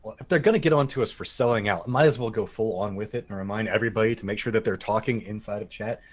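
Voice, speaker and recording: Fast-talking upbeat esports caster man. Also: lowish voice. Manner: upbeat, hype-building. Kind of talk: casual esports casting chat.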